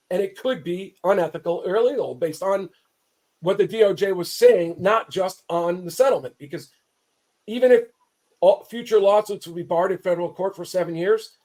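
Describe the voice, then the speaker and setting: A man's voice: high voice, darkish tone. A man, a real estate attorney, giving fired-up, emphatic commentary and often restarting his sentences. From Southern California. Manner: fired-up, emphatic, self-interrupting. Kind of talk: impassioned commentary.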